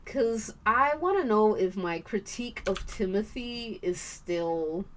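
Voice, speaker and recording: A woman's voice: mid-range voice, animated, slow, fairly bright tone, slight background noise. A young woman streaming while she draws, chatting casually and rambling with the odd swear word. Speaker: art streamer.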